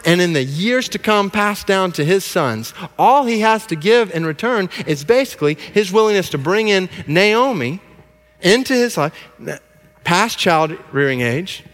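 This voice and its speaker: A man preaching a sermon, telling the story in a lively way and acting out the people in it. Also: high voice. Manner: animated storytelling, acts out characters. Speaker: pastor. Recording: long hall reverb.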